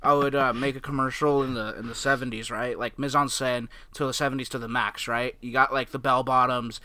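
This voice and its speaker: A young man co-hosting a podcast, pitching a bit in an easygoing way with lots of "uh" and "right?". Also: flat delivery, fairly quick, pushed and bright, no room sound. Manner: laid-back, filler-heavy, ends with "right?". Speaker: podcast co-host. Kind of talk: casual chat.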